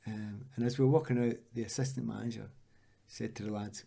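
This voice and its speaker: In an interview, a Scottish former footballer in his sixties tells lively anecdotes and acts out the voices of the people he quotes. His gravelly, medium-pitched voice moves briskly with few pauses.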